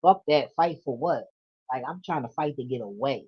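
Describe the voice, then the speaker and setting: A woman's voice: very deep voice, lively intonation, moderate pace, breathy edge. Blunt, profane woman reading tarot. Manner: blunt, profane, laughing asides. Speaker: tarot reader. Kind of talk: casual tarot reading vlog. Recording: dull lo-fi audio.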